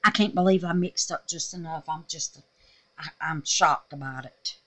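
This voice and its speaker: A woman's voice: deep voice, moderate pace, pushed and bright. A woman chatting through a soap-making vlog, gushing and exclaiming and calling her viewers honey and babies. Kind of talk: casual craft vlog chat.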